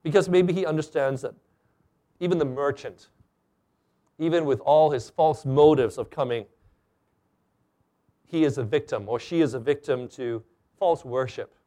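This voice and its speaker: A man preaching a sermon in a church, animated and acting out the people he quotes. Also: medium pitch, moderate pace, long pauses. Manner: animated, acts out quoted speakers. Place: church stage.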